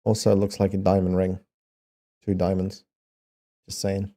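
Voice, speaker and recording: Slow, dark-voiced New Zealand man. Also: sits low, monotone. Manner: playful, laughs often while sounding out words. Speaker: streamer. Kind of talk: casual chat with viewers.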